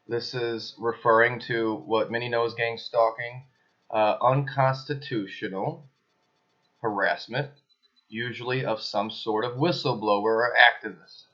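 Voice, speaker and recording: A man's voice: medium pitch, fairly even intonation, a little slow, sharp tone. Man ranting emphatically in dull lo-fi audio. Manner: emphatic, accusatory, with suspicious asides. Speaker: video blogger. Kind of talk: casual ranting monologue to camera. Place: his apartment.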